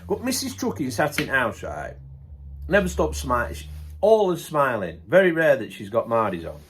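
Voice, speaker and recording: A man's voice: mid-range voice, wildly swooping pitch, normal speed, a bit bright, slight background noise. A middle-aged man, chatting casually to camera, ranting bluntly, then laughing it off with good humour. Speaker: vlogger.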